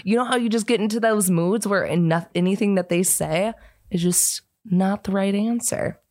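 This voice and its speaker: A woman co-hosting a casual podcast chat, telling animated stories and laughing often. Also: mid-range voice, normal speed, no room sound, studio quality. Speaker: podcast co-host.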